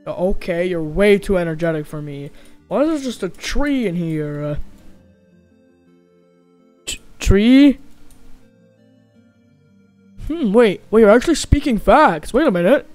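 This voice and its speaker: Lively goofy performer voicing a whole cast. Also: medium pitch, unhurried, long pauses, no room sound, faint music behind. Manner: switches between many goofy character voices. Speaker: voice actor for all characters. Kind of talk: comedic machinima voice acting.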